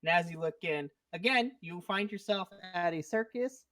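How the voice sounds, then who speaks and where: A woman narrating as game master on a live stream, playful and quick to laugh. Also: fairly low pitch, fairly bright tone. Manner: giggly, playful, often breaks into laughs.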